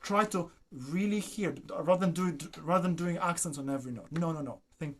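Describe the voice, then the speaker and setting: A man's voice: on the high side, fairly quick, slight background noise. A man teaching a violin masterclass, coaxing his student and singing phrases to show them. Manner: coaxing, sings phrases, asks "do you understand?". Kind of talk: masterclass coaching.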